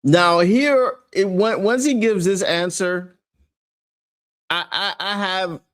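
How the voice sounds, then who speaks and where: A man's voice: high voice, takes it slowly, fairly bright tone. A man hosting a fan sports show, giving emphatic, casual commentary and laughing often.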